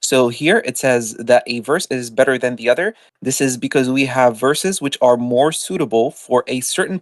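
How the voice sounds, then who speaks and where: A man's voice: a little high, no room sound, studio quality. A man calling into a heated online debate as a guest, defensive and explaining at length.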